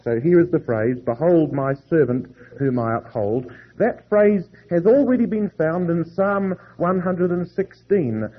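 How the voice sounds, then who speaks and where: Husky man preaching a sermon. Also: on the high side, expressive, dull audio. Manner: reads scripture slowly with heavy emphasis.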